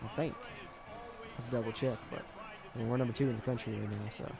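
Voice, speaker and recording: A gaming streamer talks through a football video game, swinging between frustration and hype as he reads viewer comments. His mid-range voice is gravelly and a little fast.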